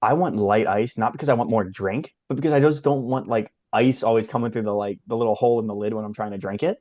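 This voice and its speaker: Fast-talking joking man, muffled sound. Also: fairly low pitch, a little mellow, no room sound. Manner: quick, joking, casual slang. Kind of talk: casual group chat.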